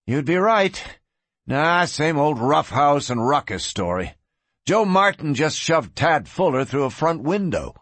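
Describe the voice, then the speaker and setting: A man's voice: on the high side, sing-song, a little slow, a bit bright, dry recording, exaggerated voice. A man doing an eager young deputy. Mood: urgent.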